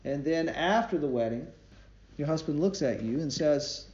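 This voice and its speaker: A man's voice: a little high, expressive, moderate pace, darkish tone. Man preaching in a roomy hall. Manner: conversational, storytelling preaching with laughs. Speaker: devotion speaker. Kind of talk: sermon. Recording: roomy, slightly dull recording with faint ambience.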